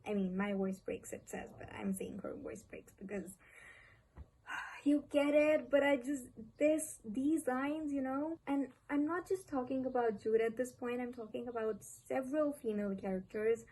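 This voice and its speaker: A young Pakistani woman with a Pakistani English accent gushes about books on her vlog, chatting casually and often repeating herself for emphasis. Her voice sits high and mellow at a normal speed, though the recording is rough. She's at home, with faint street noise and a street vendor calling outside.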